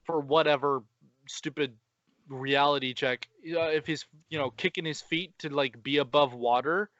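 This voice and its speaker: A man co-hosting a podcast, chatting casually with an animated, profane, joking way of retelling scenes. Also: a little high, moderate pace, no room sound, dull audio. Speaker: podcast co-host. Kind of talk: casual chat.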